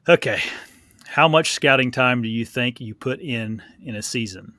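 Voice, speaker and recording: A young man with a bright, forceful voice tells a hunting story in a laid-back, rambling way, full of fillers. His voice comes across dry and close, with no room around it. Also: mid-range voice, normal speed, no echo. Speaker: podcast co-host. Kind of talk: casual storytelling chat.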